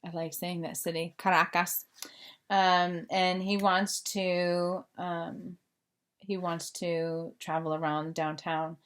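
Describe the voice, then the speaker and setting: A woman's voice: fairly low pitch, little pitch movement, takes it slowly. A woman teacher explaining a grammar lesson to her students, patient and full of fillers. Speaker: Spanish teacher. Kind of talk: recorded remote class lesson.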